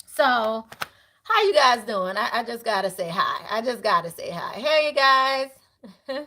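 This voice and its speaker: A middle-aged woman reads tarot live for her viewers, her voice high and bright. She preaches with animated swings, from loud outbursts down to hushed prayer, and talks casually and bluntly. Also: normal speed, a little hiss or hum. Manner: casual, outspoken, swears freely. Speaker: tarot reader.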